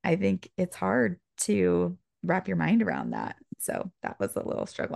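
A woman's voice: on the low side, normal speed, gravelly, few pauses, dry recording, clean studio sound. A young woman co-hosting a podcast, telling a personal story in a casual, chatty way with many fillers. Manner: animated, chatty, frequent "like" fillers. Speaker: podcast co-host.

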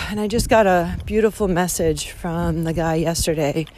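A woman's voice: lowish voice, normal speed. Young woman vlogging while walking, swears a lot, faint outdoor noise. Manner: candid, emotional, heavy swearing. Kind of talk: casual walking vlog. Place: outdoors walking to a train station.

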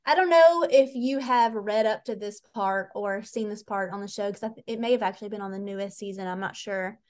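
A woman's voice: mid-range voice, a little fast. A woman co-hosting a casual podcast chat, gushing as she retells scenes. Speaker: podcast co-host.

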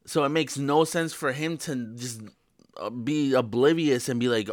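A young man on a podcast telling a story in a casual, animated way, jumping his pitch up to quote people and swearing freely. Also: unhurried. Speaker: podcast co-host.

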